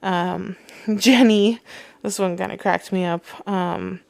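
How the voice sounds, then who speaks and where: A woman's voice: mid-range voice, fairly even intonation, slow, gravelly, no room sound. A young woman hosting a podcast in casual chat, reading listener comments aloud and laughing often. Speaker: podcast host.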